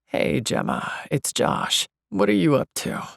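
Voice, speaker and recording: Casting: woman doing a rumbly-voiced, easygoing young guy, low and gravelly, in a dry booth. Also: wildly swooping pitch, unhurried, no room sound, full character voice.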